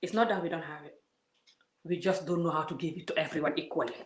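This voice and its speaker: A woman's voice: sits low, fairly even intonation, fast. A woman giving an emphatic, preachy vlog monologue, full of repeated words and rhetorical questions. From Gambia. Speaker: vlogger. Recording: roomy echo.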